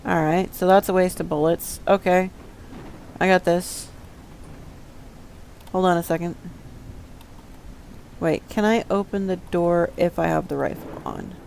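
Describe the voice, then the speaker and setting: A woman's voice: on the low side, sing-song, measured pace, gravelly, long pauses, darkish tone, a little hiss or hum. A woman streamer chatting to herself as she plays, casual and prone to swearing under her breath. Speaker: game streamer. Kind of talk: casual gameplay commentary.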